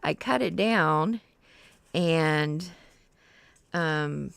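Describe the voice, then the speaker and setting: A woman's voice: deep voice, very slow, vocal fry, clean tone, dry recording. A middle-aged woman hosting a crafting livestream, chatting casually and rambling with fillers as she works. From Ohio, US. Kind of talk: casual chat while crafting.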